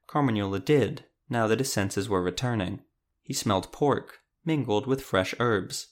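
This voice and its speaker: A man narrating a fantasy audiobook in a steady storytelling manner. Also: on the low side, unhurried.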